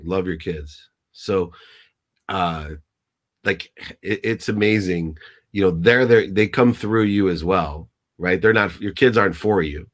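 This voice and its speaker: Deep-voiced middle-aged man, emphatic storyteller. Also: measured pace, fairly bright tone. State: choked up. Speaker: guest mentor. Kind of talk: motivational interview talk.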